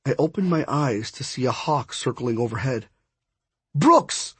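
A man's voice: mid-range voice, a little fast, husky, no echo. A man narrating a first-person audiobook in an easygoing, conversational way.

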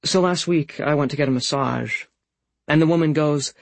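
A man's voice: on the high side, moderate pace, creaky, dry recording, pitched above the performer's own voice. A man doing a stressed, earnest young woman. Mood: chatty.

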